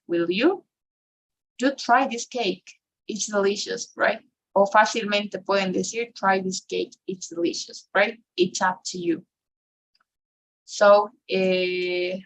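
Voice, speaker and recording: Bilingual woman teaching English grammar. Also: mid-range voice. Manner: switches between English and Spanish, tags sentences with "right?". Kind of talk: online class explanation.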